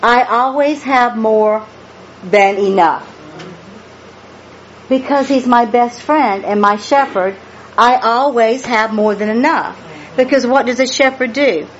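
A woman teaches a Bible study, reading scripture aloud and explaining it as she goes. Her voice sits fairly high, and she repeats key phrases for emphasis. The recording is dull and lo-fi, with a faint hum of room ambience underneath. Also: slow.

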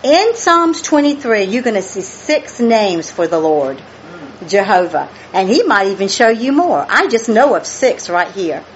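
A woman's voice: mid-range voice, very animated, unhurried, lo-fi sound, slight background noise. A woman leading a Bible study, reading scripture aloud, explaining it and repeating key phrases for emphasis.

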